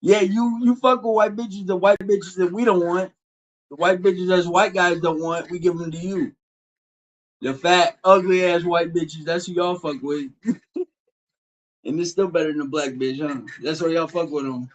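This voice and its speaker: A man's voice: high-pitched, steady tone, moderate pace, highs cut off. A man live-streaming, taunting someone with crude trash talk and insults. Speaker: livestreamer.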